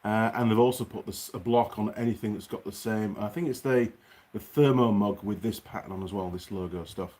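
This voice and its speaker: A man's voice: lowish voice, fairly even intonation, brisk, darkish tone. Chatty male host on a workshop livestream, reads out comments. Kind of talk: casual livestream chat.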